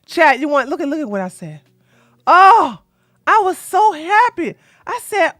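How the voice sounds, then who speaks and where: A woman gives mocking drama commentary as a streamer, loud and sassy, often breaking into shouts. Her voice sits high and swings wildly up and down. It has a bright edge and a dry, close sound. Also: big pitch swings, unhurried, no echo.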